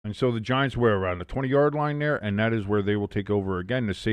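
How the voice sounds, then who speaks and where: A man hosts a live football watch-along, calling plays as they happen and reading chat between them. His pitch sits in the middle, he swings between eager calls and low, swearing asides, and the sound is close and dry with no room echo. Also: big pitch swings, a little fast. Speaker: host of a live sports watch-along stream. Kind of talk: casual live play-by-play commentary.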